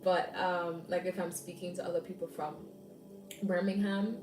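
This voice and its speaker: A woman's voice: on the low side, little pitch movement, normal speed, echoey room, distant mic, music in the background, poor audio. A young woman with a Jamaican accent, chatting casually to her viewers with rambling asides and frequent laughs. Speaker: vlogger. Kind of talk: casual chat.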